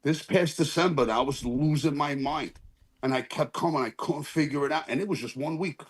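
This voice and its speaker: A man's voice: a little high, moderate pace, husky. A man sharing at a recovery meeting over his phone on a video call, earnest and rambling, apologizing for his swearing. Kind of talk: casual heartfelt share.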